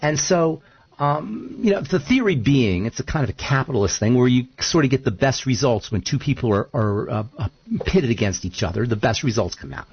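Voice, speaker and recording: A man co-hosting a radio talk show, an animated storyteller who voices the figures in his stories. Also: mid-range voice, brisk, breathy edge, dry recording, muffled recording. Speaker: co-host.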